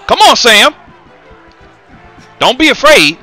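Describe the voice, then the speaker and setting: A man's voice: extremely high pitch, wildly swooping pitch, slow pace, pushed and bright, soft background music, exaggerated voice. A man voicing a cocky heavyweight boxer, commentating a game in character with taunting, rhyming trash talk. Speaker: gaming commentator.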